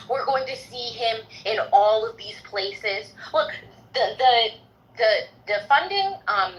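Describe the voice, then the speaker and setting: A woman's voice: high voice, a bit bright, rough recording. A woman giving an emphatic, upbeat political pep talk in an audio chat room, rallying the listeners.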